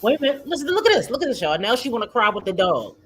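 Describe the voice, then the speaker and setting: A woman's voice: on the high side, very animated, rapid-fire, fairly bright tone, breathy edge. A woman streamer giving sarcastic, mocking reaction commentary and talking straight to her viewers. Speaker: streamer host.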